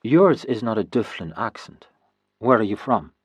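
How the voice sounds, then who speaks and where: A man's voice: fairly low pitch, expressive, normal speed, breathy edge, no room sound. A man voicing a composed young queen. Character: young noblewoman, newly wed queen, proud and frank. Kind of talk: audiobook character voice.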